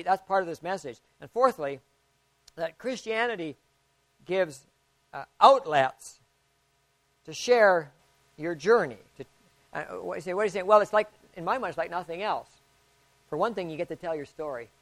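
A man, a pastor preaching a sermon in a folksy storytelling way, acting out the voices he quotes and swinging from hushed to loud. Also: high-pitched, no echo.

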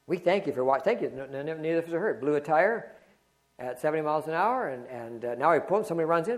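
A man preaches, weaving a personal anecdote into his sermon. His voice sits a little high. He swings between loud bursts and hushed asides. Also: fast. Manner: animated storytelling, shifting from loud exclamations to low murmurs. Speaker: pastor.

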